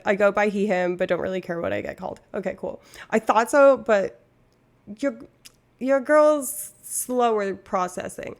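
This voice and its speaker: A woman streaming live from home, talking casually with lots of fillers, tangents and swearing. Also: mid-range voice.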